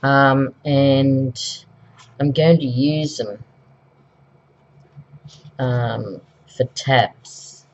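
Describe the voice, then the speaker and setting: Slow, rambling middle-aged Australian woman. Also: rumbling low, darkish tone. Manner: rambling and chatty, with many ums and self-corrections. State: recovering from flu. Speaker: craft vlogger. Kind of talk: casual craft tutorial chat. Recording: dull, lo-fi home recording.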